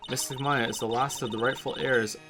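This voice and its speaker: A man's voice: mid-range voice, fairly even intonation, fairly quick, music in the background, natural voice. Cold, formal older noblewoman, haughty and stiff, read by a man. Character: stern, formal older female spirit-medium aunt.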